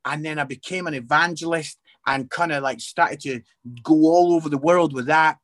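A man, an evangelist and comedian, telling his faith story in an interview as an animated storyteller with many restarts. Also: on the high side, normal speed. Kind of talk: personal testimony in an interview.

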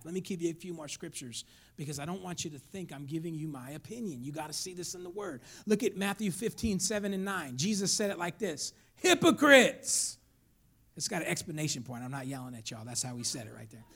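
A man preaching as a pastor, swinging from hushed asides to shouted lines and talking familiarly with his congregation. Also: on the high side, creaky. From Mexican heritage, raised in the US. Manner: folksy, conversational with the congregation. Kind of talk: sermon.

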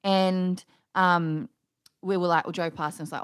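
Woman, co-host; low voice, dry close sound, blunt and profane. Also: normal speed, smooth, no room sound. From Australia. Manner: profane, blunt, animated storyteller. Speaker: podcast co-host. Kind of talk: casual chat, storytelling.

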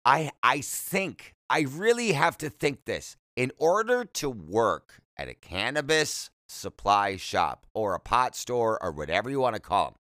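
A man's voice: medium pitch, bright, forceful tone, no room sound. Chatty man hosting a solo podcast. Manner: chatty, self-deprecating, jokey asides. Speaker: podcast host. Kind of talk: rambling solo podcast monologue.

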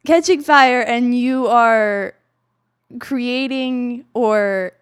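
A woman's voice: fairly high pitch, very slow, clean tone, no room sound, studio quality. A young woman co-hosting a podcast, chatting casually and playfully teasing her co-host. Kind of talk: casual chat.

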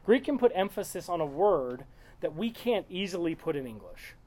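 A woman's voice: fairly low pitch, very animated, moderate pace, mellow. A woman leading a small-group Bible study, reading verses aloud and explaining them in a loose, conversational way.

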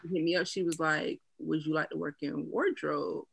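A young woman chatting casually as a guest, relaxed and talkative, acting out quotes in a raised voice. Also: low voice, normal speed, creaky, very noisy. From US East Coast. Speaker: brand founder and guest. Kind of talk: casual interview chat.

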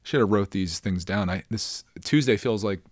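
A man rambling earnestly through a solo podcast from his home. His voice sits slightly low, and the sound is close and dry with almost no room echo. He talks in a loose, self-deprecating way and often restarts his sentences. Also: moderate pace. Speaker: YouTube creator and podcast host. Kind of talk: casual solo podcast monologue. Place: at home, a child audible upstairs.

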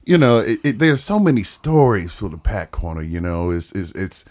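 A man's voice: on the low side, big pitch swings, normal speed, darkish tone. A young man casually telling a funny story on a podcast, laughing often as he talks. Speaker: podcast co-host.

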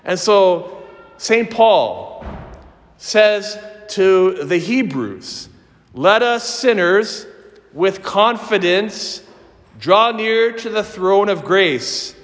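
A man delivers a sermon as a priest, his voice sitting notably high. He speaks slowly and deliberately, earnest and emphatic. The sound carries a long reverb, as in a church. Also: expressive, a bit bright. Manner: earnest, emphatic preaching with slow deliberate phrasing.

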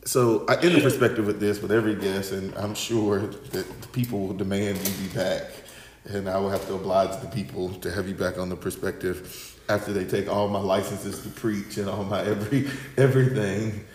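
A man hosting a casual podcast chat, swinging between loud, dramatic apologies and a preacher-like cadence. His voice sits on the lower side and rings in a roomy, echoey space, with a faint hiss of noise behind it. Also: moderate pace. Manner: animated, theatrical, slips into preacher-like cadence. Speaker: podcast host.

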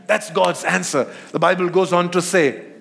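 A male preacher with a fairly high voice delivers a sermon, throwing out rhetorical questions and asking listeners if they follow. His words ring out with a long, hall-like reverb. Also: steady tone, moderate pace, vocal fry, a bit bright.

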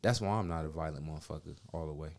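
A man on a casual podcast telling a long profane story, acting out quotes and swinging between loud and soft. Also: extremely low pitch, racing, vocal fry. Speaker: podcast co-host. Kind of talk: casual chat. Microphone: studio mic.

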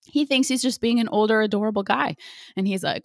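A woman's voice: medium pitch, fairly quick, no room sound, clean studio sound. A woman in her forties, a sports medicine physician, speaks candidly as an interview guest, telling stories with lots of fillers. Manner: candid, animated, frequent fillers.

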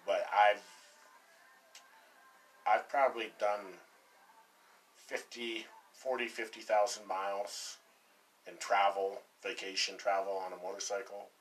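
A man's voice: on the low side, little pitch movement, takes it slowly, pauses often, fairly bright tone. Podcast co-host, man from Colorado, rambling casual storyteller, swears easily, a little off-mic. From Colorado, USA. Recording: distant mic, faint background noise.

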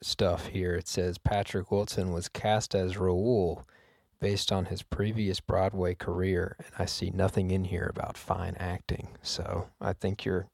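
A man's voice: deep voice, little pitch movement, a little slow, vocal fry, darkish tone, dry recording, clean studio sound. A man hosting a casual podcast chat, wry and joking, a bit rambling. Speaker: podcast host.

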